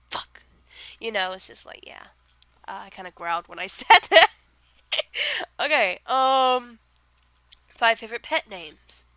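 Giggly Southern woman, slow and bright. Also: a little high, animated, dry recording. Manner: giggly, rambling, many fillers. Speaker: vlogger answering question tag. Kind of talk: casual chat.

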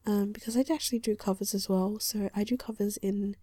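A young woman whispering through an ASMR questionnaire on a USB condenser mic, slightly congested and croaky, rambling softly with many fillers. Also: medium pitch, steady tone, fast talker, few pauses, no room sound, studio quality. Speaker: ASMR creator.

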